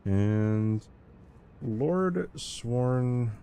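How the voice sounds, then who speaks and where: A man's voice: mid-range voice, animated, very slow, mellow, slight background noise. A young man streaming a game, chatting casually and rambling, repeating words and ending points with "right?". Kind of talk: casual livestream chat while gaming.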